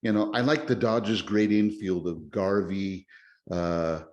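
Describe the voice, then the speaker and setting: A man chatting casually as a podcast host, rambling and excitable with many restarts. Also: lowish voice, a little slow, lo-fi sound. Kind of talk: casual chat. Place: lives in Japan.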